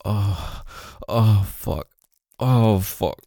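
Deep gravelly man, hushed intimate role-play. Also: extremely slow, no echo, studio quality. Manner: murmured, often whispered, with frequent moans and groans. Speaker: audio role-play performer.

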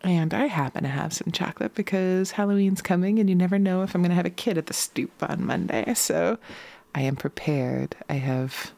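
A woman in casual morning chat, tired and still in her morning voice, chatty and quick to laugh. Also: on the low side, creaky, darkish tone. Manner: chatty, laughs often, drifts into whispers. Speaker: vlogger.

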